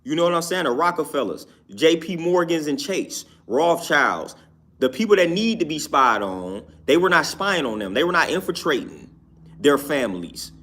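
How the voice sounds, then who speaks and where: A man with a fairly high voice for his sex holds forth in a casual, emphatic monologue. He circles back to his points and keeps checking in with his listener. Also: big pitch swings, normal speed, fairly bright tone. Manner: emphatic, repeats "you know what I'm saying". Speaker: YouTube commentator. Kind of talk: casual opinion talk.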